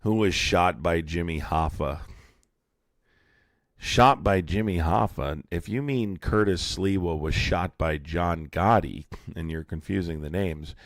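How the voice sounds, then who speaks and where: Hoarse dude running a live stream, super low gravelly voice, blunt and swears a lot. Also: male voice, measured pace, no room sound, clean studio sound. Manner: blunt and profane. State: hoarse, sore throat.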